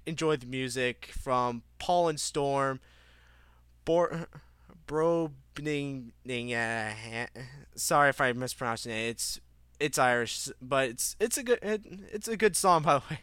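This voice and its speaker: A man's voice: mid-range voice, slow, fairly bright tone, clean tone, no room sound. A young man hosting a casual gaming news podcast, rambling with many fillers and restarts. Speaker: podcast host.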